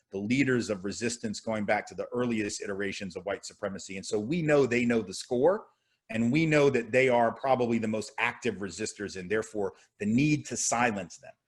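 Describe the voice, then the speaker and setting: A man's voice: fairly low pitch, husky. A man in his fifties, a guest speaker answering audience questions in an impassioned, rhetorical way over a video call. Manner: impassioned, rhetorical, repeats "right?".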